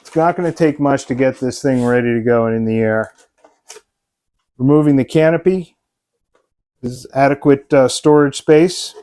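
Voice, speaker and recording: A man's voice: mid-range voice, moderate pace, long pauses, mellow. A man hosting a hobby vlog, narrating an unboxing in a casual, enthusiastic way with frequent ums and uhs. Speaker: RC model hobbyist and channel host.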